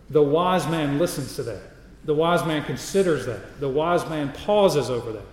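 A man's voice: on the high side, heavy reverb, big-room sound, poor audio. A man preaching a sermon, reading scripture aloud and building his points through repeated emphatic phrases. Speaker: pastor.

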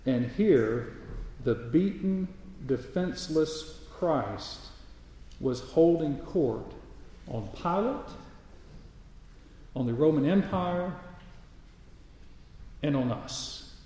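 A man's voice: on the high side, lively intonation, drawn-out words, long pauses, warm tone, heavy reverb, long reverb tail, rough recording. A man preaching a sermon, reading scripture aloud and building his points through repeated emphatic phrases. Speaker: pastor.

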